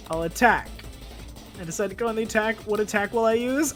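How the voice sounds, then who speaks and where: Woman streamer, giggly, excitable game commentary, faint music behind. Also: fairly high pitch, a little fast. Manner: playful, laughing and excitable.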